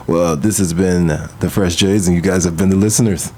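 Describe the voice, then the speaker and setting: A man's voice: low voice, fairly even intonation, fairly quick, heavy background noise. A man hosting a casual podcast chat in a loose, joking, profane way. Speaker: podcast host.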